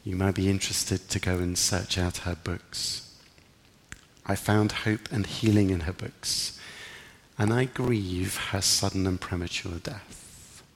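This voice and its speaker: A man preaching in a church, his earnest and reflective delivery sitting fairly low with a gravelly edge. His words ring out with a long hall echo. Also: steady tone, slow pace, a little hiss or hum. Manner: earnest, reflective, rising with emphasis in quoted prayers. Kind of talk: sermon.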